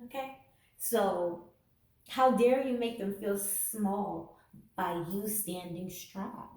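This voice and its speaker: A woman's voice: mid-range voice, slow, darkish tone. A woman giving a casual tarot reading to camera, sarcastic and laughing often. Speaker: tarot reader. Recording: echoey room, mic at a distance.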